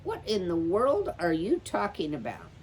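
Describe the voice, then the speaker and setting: A woman voicing an eager, talkative young mother mouse in a storybook reading, piling up excited questions. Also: fairly low pitch, moderate pace, slight background noise.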